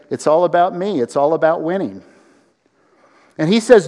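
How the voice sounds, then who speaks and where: A man preaching a sermon to a congregation, animated, with acted-out quotes and rising emphasis. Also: fairly high pitch, normal speed, long pauses, long reverb tail. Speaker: pastor.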